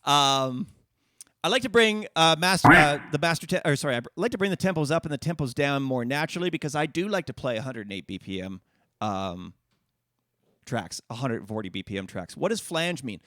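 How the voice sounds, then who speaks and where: A man's voice: a little high, animated, fairly quick, pushed and bright, dry recording, clean studio sound. A man teaching DJ techniques on a live stream in a casual, explaining way, with frequent fillers and restarts. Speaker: DJ instructor. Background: dance music playing.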